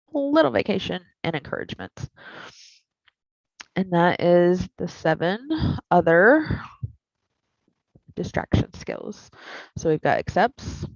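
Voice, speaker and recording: A woman therapist teaches a skills class, candid and conversational, her fairly low voice gravelly and swinging widely in pitch. The recording is dry and a little dull. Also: lively intonation, measured pace, pauses often, no echo.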